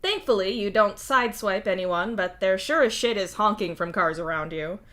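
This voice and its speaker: A woman reading fan fiction aloud in a steady, wry second-person narration. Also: medium pitch, normal speed. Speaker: fanfic reader.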